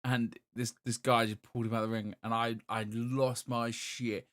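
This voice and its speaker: A man, co-hosting a podcast in casual, excitable chat full of swearing and restarts. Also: medium pitch, moderate pace, no room sound, studio quality. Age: 30s. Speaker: podcast co-host.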